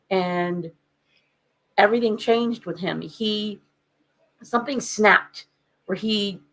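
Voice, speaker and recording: A woman's voice: medium pitch, fairly bright tone, poor audio. A woman on a podcast telling a candid family story in a casual, conversational way, with frequent fillers. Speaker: podcast co-host.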